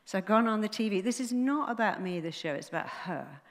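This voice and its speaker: A middle-aged woman telling a story to an audience, animated and acting out the voices of the people she quotes. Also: medium pitch, fairly quick, long reverb tail. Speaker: speaker telling a client story.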